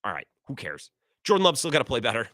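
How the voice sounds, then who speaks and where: Animated, sarcastic radio host man. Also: mid-range voice, quick pace, no echo, studio quality. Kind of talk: opinionated sports talk radio.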